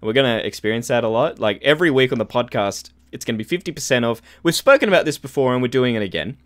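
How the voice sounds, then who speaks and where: A man hosting a podcast, telling crude, jokey stories in a lively way. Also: mid-range voice, fast talker. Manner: animated, jokey, crude storyteller. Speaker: podcast host. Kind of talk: casual podcast chat.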